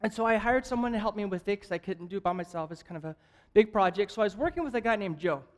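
A man preaching a sermon as an evangelist, telling a jokey story in an animated way and asking the crowd questions. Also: high voice, fast talker. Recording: long hall reverb.

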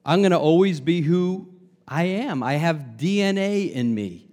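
A middle-aged male pastor from Long Island, New York, preaches with a slightly raised voice that rings out in a long hall echo. He punches key words hard, then drops to quiet asides and adds light humor. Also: a little high, lively intonation, measured pace, faint music behind. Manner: emphatic preaching that swings between loud stresses and soft asides, with humor. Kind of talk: sermon.

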